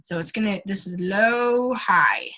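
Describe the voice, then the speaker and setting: A woman's voice: medium pitch, expressive, measured pace, bright, forceful tone. A young woman casually leading a singing class, chatty and giggly, with lots of ums and likes and short sung demonstrations. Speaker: singing workshop leader.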